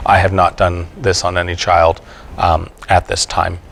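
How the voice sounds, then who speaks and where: A man's voice: low-pitched, level tone, measured pace, creaky, a bit bright, slight background noise. A man, a doctor on an expert panel, explaining treatment options to families in a plain, patient way with frequent fillers and check-ins like "okay?". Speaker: epileptologist speaking on an expert panel. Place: event panel before an audience.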